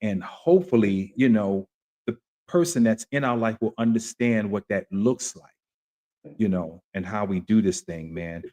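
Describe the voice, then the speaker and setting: A man hosting a podcast, sharing a personal story in an earnest, animated way. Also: lowish voice, normal speed. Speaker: podcast host. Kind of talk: casual testimony chat.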